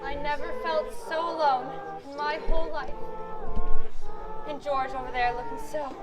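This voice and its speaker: A woman's voice: sits high, steady tone, normal speed, close to an everyday voice. A woman playing a frightened, pleading young bride. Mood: desperate. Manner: pleading, desperate. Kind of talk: stage play acting. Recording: stage recording with music and audience.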